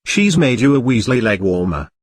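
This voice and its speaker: Brief: chatty know-it-all boy wizard, read by a man, animated delivery, dry close sound. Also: mid-range voice, moderate pace, breathy edge, no room sound. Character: boy wizard, sarcastic, easily amazed.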